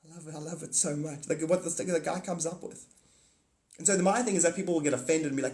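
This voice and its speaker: Man livestreaming, rambling profane rant, fairly high voice, echoey room. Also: fast talker. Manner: rambling, profane, swinging between mutters and excited outbursts.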